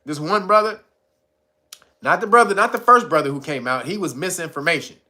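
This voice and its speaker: A man's voice: a little high, brisk. A man telling a story in casual commentary, swearing freely and slipping into voices for the people he quotes. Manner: animated, swearing, retelling stories with acted quotes.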